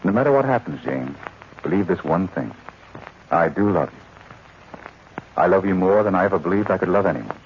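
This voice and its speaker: An actor playing a brooding, secretive gentleman of the house, with a low, earnest 1940s radio-acting delivery. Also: expressive, brisk, pauses often. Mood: tender. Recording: muffled, hissy old radio recording.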